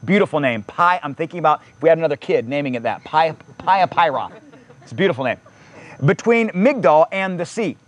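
A man's voice: a little high, animated, fast. A man preaching a sermon in a conversational way, reading scripture aloud and adding casual asides. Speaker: pastor.

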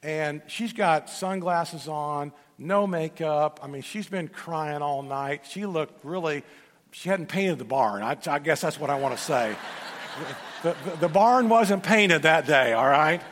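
A man's voice: a little high, a little slow, fairly bright tone. A middle-aged man preaching a sermon, telling folksy stories with joking asides and often repeating or restarting words as he builds a point. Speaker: pastor. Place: large church sanctuary. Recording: long reverb of a large church hall.

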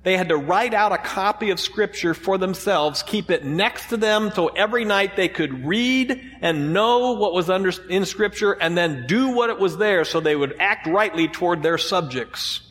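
A man's voice: high-pitched, normal speed, few pauses, a bit bright, in a large hall. A man preaching a sermon as pastor, conversational, asking the congregation rhetorical questions.

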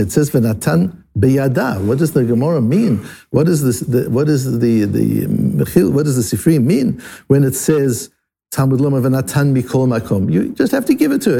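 A man's voice: mid-range voice, creaky, dark tone, breathy edge. A man teaching a Talmud lesson, explaining in English with many Hebrew and Aramaic terms and often repeating or restarting words.

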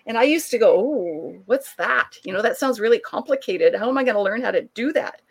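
Lively woman telling stories. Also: a little high, a little fast, slightly rough. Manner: animated, acts out quoted voices, laughs often. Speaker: author and guest. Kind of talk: conversational storytelling.

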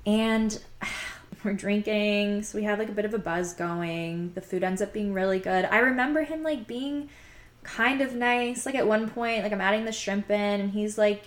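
A woman's voice: mid-range voice, moderate pace. A young woman telling her own dating story in a chatty, confiding way, full of "like" fillers. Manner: chatty, heavy use of "like" fillers; frank and confiding, sighs between thoughts. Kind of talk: casual personal storytelling.

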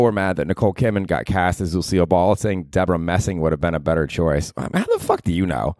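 A man with a very low voice rambles through a casual solo podcast, cursing freely. The sound is close and dry, with no room around it. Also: sing-song, fast, few pauses, a little mellow, no echo. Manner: rambling, profane, chatty. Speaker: podcast host. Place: his apartment at night.

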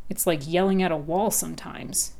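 Woman voicing a male house cat, aloof, wary, dry, measured, lowish voice. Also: fairly even intonation, creaky, mellow. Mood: wry.

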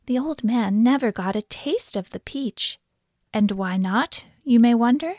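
A woman narrating a children's folk tale in a gentle, expressive storybook reading. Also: fairly high pitch, unhurried, dry recording, studio quality.

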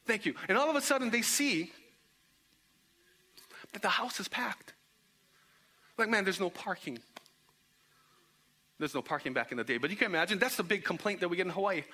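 A man's voice: high voice, a little fast, pauses often, husky. A young man preaching a storytelling sermon in a church, playfully acting out the people in the story. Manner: animated, playful, acts out the characters' voices. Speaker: guest preacher.

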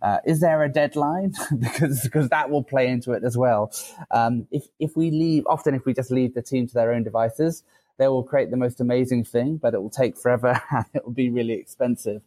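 A man hosts a relaxed podcast conversation at an ordinary pitch. He circles around his points and restarts his sentences often. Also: a little fast, low-quality recording. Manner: hesitant, many fillers and restarts. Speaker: podcast host. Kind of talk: casual podcast interview.

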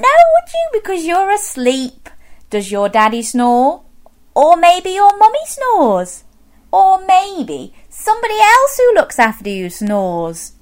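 A woman reading a picture book aloud to young children, animated and sing-song, coaxing them to join in. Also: high-pitched. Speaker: children's storyteller.

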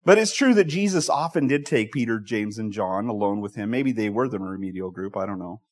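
A man's voice: on the low side, animated, fairly quick. A middle-aged male pastor preaching a conversational expository sermon, acting out quoted voices and asides.

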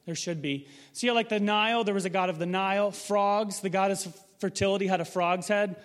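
A man's voice: high voice, fairly even intonation, fairly quick, long reverb tail. A man preaching a sermon in a casual, conversational way, asking the room rhetorical questions. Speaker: pastor.

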